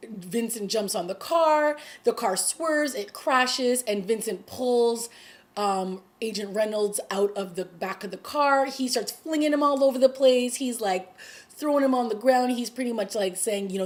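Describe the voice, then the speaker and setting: A woman's voice: mid-range voice, moderate pace. Chatty woman recapping a TV episode. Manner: chatty, full of "like" and "you know"; gets excited at dramatic moments. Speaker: TV show recapper.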